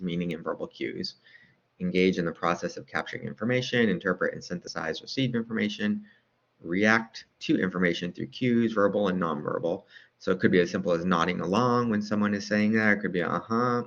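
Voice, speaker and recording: Speaking in a very low voice with a fairly bright tone, a man goes through lecture slides casually and informally. Rhetorical questions and "right?" check-ins come up constantly, over a dull, lo-fi recording.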